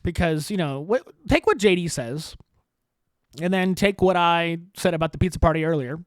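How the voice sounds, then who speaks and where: A man with a fairly high voice riffs through profane, sarcastic political commentary on his podcast. He laughs often between thoughts. The recording is close and dry, with no room sound. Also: moderate pace, clean tone, no echo. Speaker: podcast host. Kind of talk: crude rambling political commentary.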